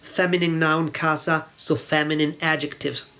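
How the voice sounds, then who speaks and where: A man's voice: on the high side, flat delivery, normal speed, bright, forceful tone. A man from northern Italy with a northern Italian accent, a native Italian speaker, teaching Italian in English and patiently repeating words to show how they are said. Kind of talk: explanatory language lesson.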